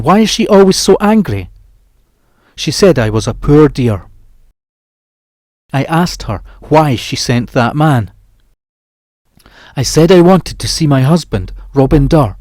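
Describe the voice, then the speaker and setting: Dark-voiced man reading a horror audiobook. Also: mid-range voice, no echo. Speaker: audiobook narrator.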